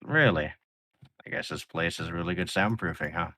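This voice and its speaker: Guy doing polite suit guy at the bar, low bright voice, smooth talk. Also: moderate pace, no echo, clean studio sound. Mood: courteous. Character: suave man in a suit at a bar.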